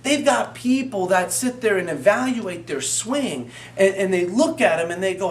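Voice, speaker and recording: High-voiced man giving an emphatic pep talk. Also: expressive, unhurried, few pauses. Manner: emphatic, repetitive, fervent exhortation. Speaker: motivational business coach. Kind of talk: motivational talk to camera. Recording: echoey room, voice from a distance.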